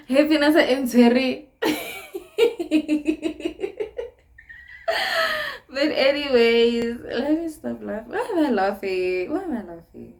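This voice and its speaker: A woman's voice: a little high, normal speed, creaky, few pauses, a little mellow. A young woman with a South African accent chatting casually to camera in a sit-down vlog, laughing often between phrases. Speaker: vlogger.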